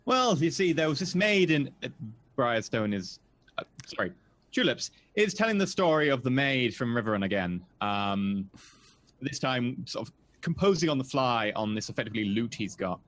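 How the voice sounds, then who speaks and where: A man running a tabletop role-playing game as game master, narrating the scene in a hesitant way with frequent pauses and fillers. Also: medium pitch, big pitch swings, a bit bright. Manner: hesitant, full of ums and restarts.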